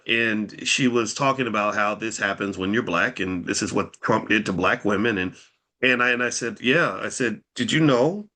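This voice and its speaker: Guy doing off-the-cuff commentary, bright forceful voice, keeps asking viewers pointed questions, repeats himself a lot. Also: medium pitch. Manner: animated and rhetorical, stacking pointed questions, repeating words as he restarts.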